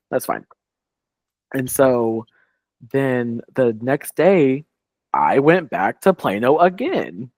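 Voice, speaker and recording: Male podcast co-host, mid-pitch, rambling anecdote, dry booth sound. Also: dry recording. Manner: rambling, heavy on "like", quoting others. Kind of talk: casual storytelling chat.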